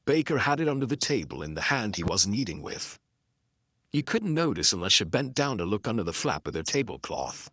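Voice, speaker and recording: A man narrating a pulp noir audiobook and then chatting casually about the stories, with animated, chatty asides. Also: lowish voice, moderate pace, no room sound, studio quality. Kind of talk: reading pulp fiction, then casual commentary.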